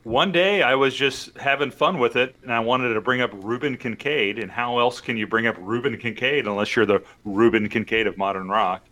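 A radio DJ with a bright, clear tone. He talks in an easy, wry way while looking back on old times with a colleague. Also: medium pitch, normal speed, few pauses. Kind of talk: casual reminiscing chat.

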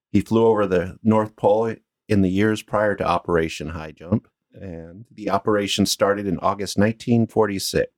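A man co-hosting a podcast, telling a story from his notes with dry teasing asides. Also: sits low. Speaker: podcast co-host.

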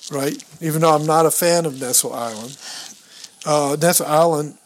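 A co-host with a voice on the high side, talking at normal speed, gives a casual scripture lesson, going through a Bible passage step by step. He reads verses and Greek words aloud, tripping over pronunciation, and thinks out loud as he looks through his books.

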